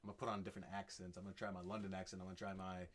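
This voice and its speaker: Fast-talking loud American guy. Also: low-pitched, flat delivery. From United States. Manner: loud, upbeat, quick talker. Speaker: podcast co-host. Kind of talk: casual chat.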